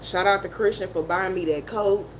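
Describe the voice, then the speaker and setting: A woman with a Southern American accent, telling a story in a profane, animated way and laughing often. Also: mid-range voice, normal speed, slight background noise, low-quality recording. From Southern United States. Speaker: motivational streamer. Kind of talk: casual storytelling chat.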